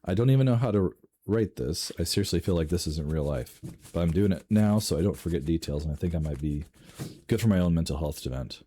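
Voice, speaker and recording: A man reading online stories aloud and reacting with laughs, swearing and sudden jumps in pitch. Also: expressive, fast talker, mellow, slightly rough. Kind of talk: casual reading and commentary.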